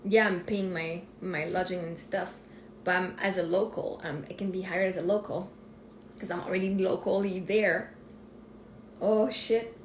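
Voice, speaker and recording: A woman, a life coach rambling excitedly and thinking aloud in a casual live stream from her phone. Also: on the low side, normal speed, slight background noise. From Canada. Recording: roomy echo.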